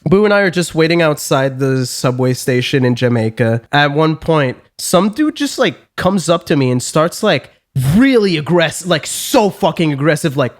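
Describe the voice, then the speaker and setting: A man hosting a podcast, telling a story in an animated way with a lot of swearing. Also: fairly high pitch, moderate pace, hardly any pauses. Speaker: podcast host. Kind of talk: casual podcast chat.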